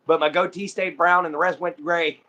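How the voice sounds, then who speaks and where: A man's voice: a little high, fairly even intonation, normal speed, sharp tone, rough recording. An American man hosting a casual livestream, chatting and laughing often as he greets viewers. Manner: laughs often, friendly sign-offs. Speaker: livestream host.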